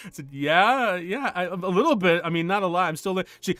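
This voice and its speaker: Man, middle-aged, casual streamer storytelling, laughs a lot, slightly high voice, dry close mic, faint music. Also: moderate pace, few pauses, no room sound. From United States. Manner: animated, laughs often, acts out quoted voices.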